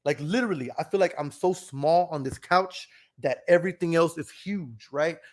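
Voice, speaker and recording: A man's voice: a little high, moderate pace. A man with a Texan accent hosting a podcast, chatting casually and animatedly, often stammering and repeating words. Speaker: podcast host. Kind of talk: casual chat.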